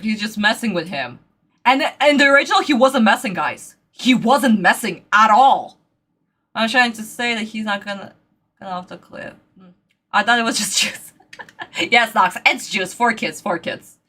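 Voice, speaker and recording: A woman hosting a reaction video, talking casually into her microphone at home, excitable and exclamatory, then rambling apologies. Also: medium pitch. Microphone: desk microphone.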